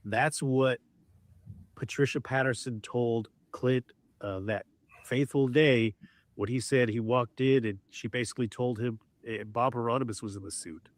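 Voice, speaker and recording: A man casually and excitedly recapping a documentary on a podcast, often quoting the people in it. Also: mid-range voice, moderate pace, no echo. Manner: excited retelling, quotes people. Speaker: podcast co-host.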